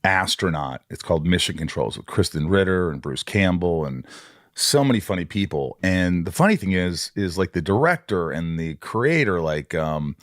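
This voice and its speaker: A middle-aged man hosting an interview, telling a story with lively acted-out dialogue. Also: low-pitched, normal speed, no room sound, studio quality. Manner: animated, acts out quoted dialogue. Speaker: podcast host.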